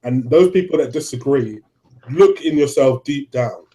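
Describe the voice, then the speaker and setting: A man's voice: mid-range voice, moderate pace, warm tone. A young man arguing his side of a football debate in an earnest way, often breaking in with "listen". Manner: earnest, interjects with "listen", laughs easily. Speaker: co-host.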